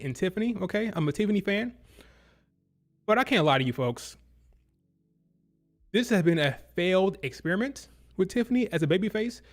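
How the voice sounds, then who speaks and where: A man giving casual, opinionated commentary on wrestling, blunt and exasperated. His voice sits slightly high, and he stumbles over and repeats his words as he talks. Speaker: wrestling show reviewer.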